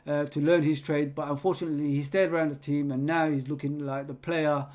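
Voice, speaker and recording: Excitable high-voiced man commentating a match. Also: a little fast. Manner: excitable, yells at players, chatty asides. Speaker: fan channel host reading live chat. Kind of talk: live match watch-along commentary.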